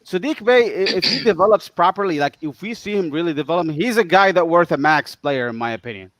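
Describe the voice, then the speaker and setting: A man with a high voice who talks fast, sharing his opinions on a casual basketball podcast. His voice sounds dry and close, with no room echo. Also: lively intonation, a bit bright. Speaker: podcast co-host. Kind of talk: casual sports talk.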